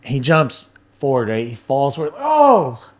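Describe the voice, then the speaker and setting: Animated man swapping wild stories. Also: mid-range voice, a little fast. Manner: animated, swears freely, acts out quotes. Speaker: podcast guest. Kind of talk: casual storytelling chat.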